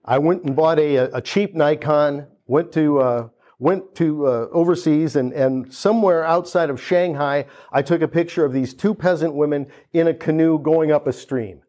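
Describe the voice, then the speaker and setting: A man in his fifties from the United States tells a comic story to a live audience. His voice sits a little high for a man, and he slips into the voices of the people he quotes. He restarts his sentences often. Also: normal speed, hardly any pauses, warm tone. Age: 50s. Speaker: speaker at a gallery opening. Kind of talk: storytelling talk.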